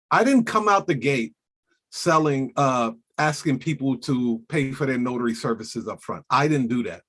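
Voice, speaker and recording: A man hosting a casual coaching chat, speaking in a slow, deliberate and emphatic way. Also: mid-range voice, animated, slightly rough. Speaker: podcast host coaching notaries.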